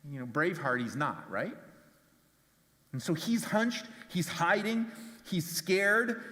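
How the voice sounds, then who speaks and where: A man's voice: big pitch swings, slow, bright, forceful tone. Preaching man in a reverberant church hall. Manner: storytelling, acts out quotes with big pitch jumps; repeats words when starting phrases. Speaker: pastor. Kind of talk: sermon. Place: church sanctuary.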